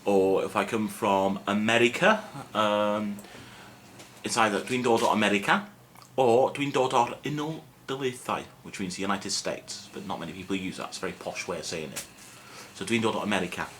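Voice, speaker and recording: A man's voice: fairly low pitch, moderate pace. Chatty man teaching greetings. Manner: relaxed, self-mocking, chatty with many fillers. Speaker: Welsh language teacher. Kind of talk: casual video lesson. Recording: faint background noise.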